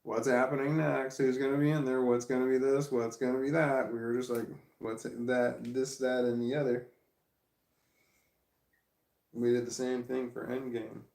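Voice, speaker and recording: Middle-aged man, casual vlogger, mid-pitched, storytelling with frequent laughs, roomy echo. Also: level tone, normal speed, creaky, darkish tone. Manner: rambling, laughs often mid-sentence. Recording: echoey room.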